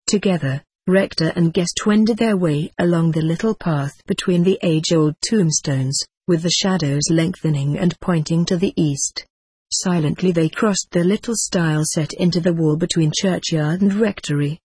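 A narrator reading a story in a measured, wry manner. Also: medium pitch, darkish tone, slightly rough, no room sound. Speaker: audiobook narrator. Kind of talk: scripted narration.

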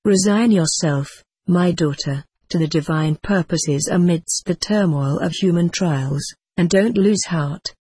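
A woman voicing an ailing, devout widowed mother who speaks slowly and tenderly, read as part of an audiobook. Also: on the low side, dark tone, slightly rough, no echo. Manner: slow, tender, pleading. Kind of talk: audiobook character reading.

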